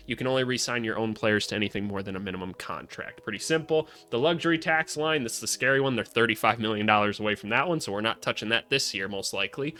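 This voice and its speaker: A young adult man hosting a casual basketball commentary vlog, blunt and sarcastic and quick to swear. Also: fairly low pitch, bright, forceful tone. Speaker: basketball analyst, channel host.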